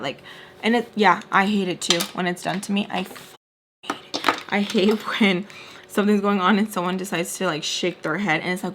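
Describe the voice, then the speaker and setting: A young woman in her twenties telling a story casually while doing her makeup, acting out quotes with lively pitch jumps and dropping to whispers. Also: moderate pace, background noise. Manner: animated, acts out quotes with shifting pitch and whispers. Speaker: storytime vlogger.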